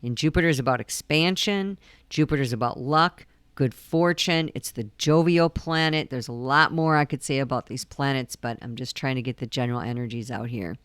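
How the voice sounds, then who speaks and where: A woman's voice: a bass voice, fairly quick, smooth, no echo. A woman astrologer talking through a full moon forecast in a casual, earnest way, often repeating her key points between ums.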